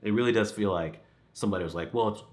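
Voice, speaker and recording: A man's voice: lowish voice, quick pace. A man giving a casual spoken movie review, rambling with many restarts and fillers and chuckling now and then.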